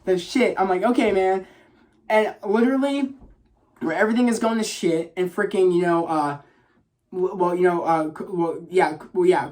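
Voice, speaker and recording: A young man vlogging a casual movie review, excited and rambling, with lots of fillers and swearing. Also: sits high.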